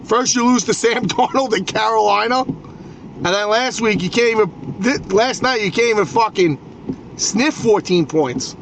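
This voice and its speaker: Male New podcast host, high voice, hot-headed profane sports rant, stammering restarts, noisy background. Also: unhurried.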